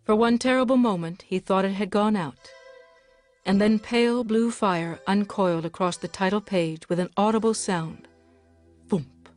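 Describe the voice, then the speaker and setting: A woman reading a dramatic novel aloud with steady, measured narration. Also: medium pitch, faint music behind. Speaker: audiobook narrator.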